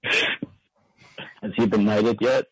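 A man calls in to a talk show with dry, deadpan humor. His voice is very deep and husky, with a dry sound and no room echo. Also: very slow. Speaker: caller. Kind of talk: casual phone-in chat.

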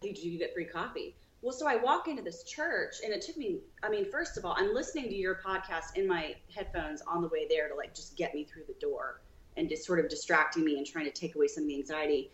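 A woman guest on a podcast, telling her own story with lively, acted-out dialogue. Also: lowish voice, fast, roomy sound, muffled recording. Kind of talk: storytelling in an interview.

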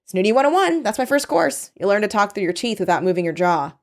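A woman's voice: mid-range voice, sing-song, fast. A woman voicing a sassy, sarcastic teenage girl with a mock-snooty manner, reading aloud from a novel.

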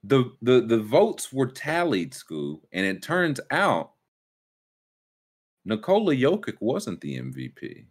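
A man's voice: mid-range voice, wildly swooping pitch, takes it slowly, husky. A man co-hosting a casual sports betting chat, laid-back and slangy. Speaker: co-host.

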